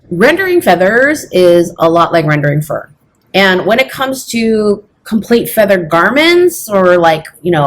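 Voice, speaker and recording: A woman teaching fashion illustration in a chatty, casual tutorial, teasing herself and checking in with "okay?". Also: medium pitch. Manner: chatty, self-teasing, says "y'all" and "okay?".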